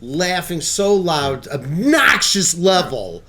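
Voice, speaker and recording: A man's voice: a little high, slow pace, a crowd in the background. A man co-hosting a podcast, telling funny stories in casual chat and laughing often. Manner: animated storyteller, laughs often. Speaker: podcast co-host.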